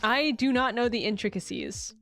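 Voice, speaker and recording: A woman's voice: fairly high pitch, expressive, moderate pace, vocal fry, fairly bright tone, soft background music. A young woman streamer in a casual chat, talking freely, swearing and laughing often.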